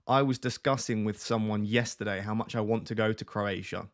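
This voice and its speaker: A man's voice: fairly low pitch, steady tone, a little fast. A man hosting a casual live stream, chatting and greeting his viewers by name from a small home room. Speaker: fantasy football streamer. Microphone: webcam close on face.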